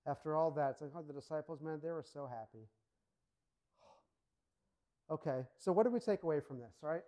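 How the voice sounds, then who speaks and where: A male pastor giving a sermon in a casual, animated storytelling manner. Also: on the high side, moderate pace, long pauses, rough recording.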